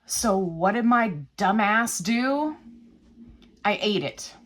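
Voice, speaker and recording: A woman vlogger chatting casually at home, retelling a story in a rambling, animated way. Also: mid-range voice, slow. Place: small old house, cooking at home.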